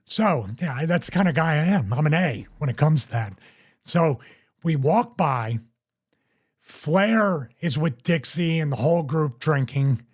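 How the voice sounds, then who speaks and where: A man's voice: fairly high pitch, expressive, a little slow. A middle-aged man hosting a podcast, casually telling a story and acting out other people's quotes in raised voices.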